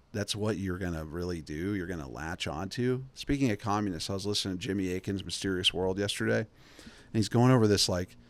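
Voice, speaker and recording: A podcast host with a fairly low voice rambles through casual chat, joking and cutting himself off mid-thought. He talks close to the mic in a dry, dead room. He jumps from point to point with quick asides. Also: no room sound.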